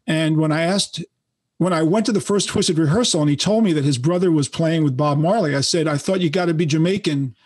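Older man, new york accent, brash profane storyteller, slightly high voice, dry sound. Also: brisk, a little mellow, no echo. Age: 60s. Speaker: guest musician. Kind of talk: casual interview storytelling.

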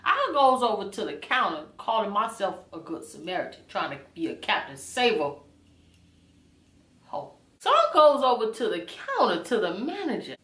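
A woman tells a storytime rant, her pitch swinging up and down as she gets indignant. Her voice sounds bright and sharp, and it echoes around a bare room. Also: normal speed. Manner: animated, indignant storytelling with a few whispered bits. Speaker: vlogger.

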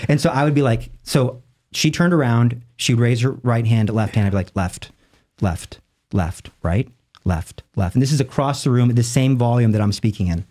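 Podcast guest, male, middle pitch, lively storyteller, acts out quoted voices. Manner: rushes asides in quick bursts. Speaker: guest, lay evangelist. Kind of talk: animated storytelling in conversation.

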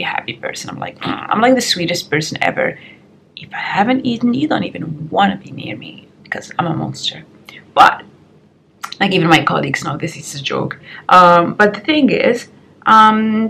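A woman's voice: medium pitch, vocal fry, a bit bright. A young woman vlogging frankly and chattily as she does her makeup at home, recorded on the compact camera's built-in mic. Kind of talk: get-ready-with-me advice vlog.

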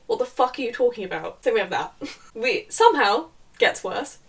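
A woman's voice: a little high, sing-song, moderate pace, distant mic, low-quality recording. A young woman giving a casual, sarcastic book review, often laughing and swearing in exasperation.

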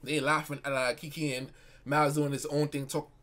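A man's voice: a little high, little pitch movement, normal speed, a bit bright. A young man streamer telling a story in casual slang, often bursting into laughter. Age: young adult. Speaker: live streamer.

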